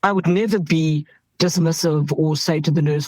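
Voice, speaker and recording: Husky-voiced South African woman doctor. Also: fairly low pitch, moderate pace, no echo, low-quality recording. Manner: animated, laughs while telling stories. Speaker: emergency doctor, guest. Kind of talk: candid interview storytelling.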